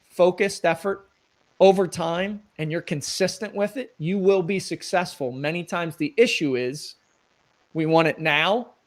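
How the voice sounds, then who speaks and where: Middle-aged male guest, slightly higher voice, earnest motivational coach delivery. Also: unhurried. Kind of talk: conversational interview.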